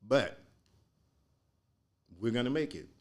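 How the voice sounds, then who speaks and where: A man speaking as a podcast guest, telling a personal story in a slow, earnest way. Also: medium pitch, animated.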